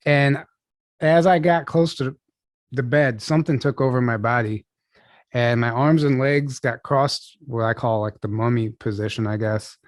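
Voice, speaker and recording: A man's voice: medium pitch, fairly even intonation, no echo. Casual man recounting a strange night. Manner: casual, halting, lots of "like" and restarts. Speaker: guest. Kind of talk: storytelling in an interview.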